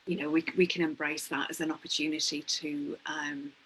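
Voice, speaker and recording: A woman hosting a spiritual conversation, soft and affirming, reflecting thoughtfully on what her guest says. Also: low voice, flat delivery, normal speed, slight background noise, low-quality recording. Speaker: host.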